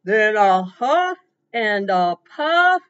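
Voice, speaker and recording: A big bad wolf calls out slowly and loudly at the door, as a woman puts him on for a children's storytime. The pitch swings widely and every word is stretched out. The recording sounds a little dull, with faint noise underneath. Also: very animated, smooth, exaggerated voice. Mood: demanding. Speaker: storytime presenter.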